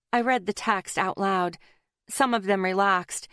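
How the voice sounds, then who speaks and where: A woman narrating a first-person fantasy audiobook in a steady, even way. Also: medium pitch, measured pace, smooth, no echo, studio quality.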